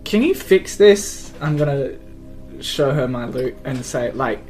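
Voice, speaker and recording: A woman's voice: extremely low pitch, expressive, unhurried, mellow, faint music behind. A woman player in a tabletop role-play game, talking in a playful, persuasive way.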